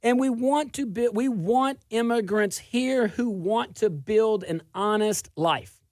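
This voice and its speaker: A middle-aged man from South Louisiana hosting a political talk show, delivering a sarcastic, animated monologue with frequent laughs. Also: sits high, takes it slowly, dry recording, studio quality.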